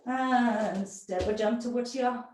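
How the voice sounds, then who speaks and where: A yoga teacher with a high voice, darkish tone, and fairly even intonation leads a workout-style class live, calling out breaths and poses in short, encouraging commands as she moves with her students. She speaks unhurriedly. The distant mic catches a very echoey room plus a little hiss or hum.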